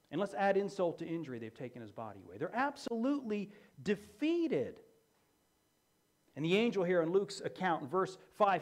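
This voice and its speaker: A man preaching a sermon as pastor, emphatic and repeating key phrases for effect. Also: high-pitched.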